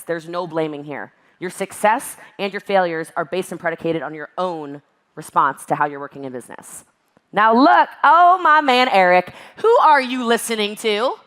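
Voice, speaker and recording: Aussie woman giving a punchy motivational talk, acting out whiny voices. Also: mid-range voice. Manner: emphatic and animated, acts out exasperated voices. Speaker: network marketing speaker. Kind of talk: motivational talk to a virtual event.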